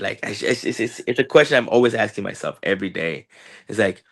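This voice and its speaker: A man in his thirties, a wrestler guest, telling stories in an animated way and acting out what people said to him. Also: fairly low pitch, quick pace, vocal fry. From Chicago area. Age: 30s. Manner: animated storyteller, acts out quotes, repeats words. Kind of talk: casual interview talk.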